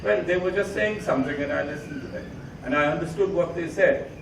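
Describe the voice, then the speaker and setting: A man voicing a farmer's calm, quiet young son who speaks plainly. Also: a little high, a little fast, creaky, background noise. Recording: roomy, distant mic.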